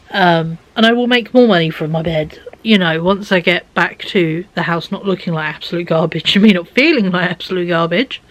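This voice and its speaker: A young woman chatting casually in a home vlog from her bedroom, tired and rambling, often dropping to a soft near-whisper. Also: fairly low pitch, poor audio. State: exhausted. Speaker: vlogger. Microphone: handheld camera.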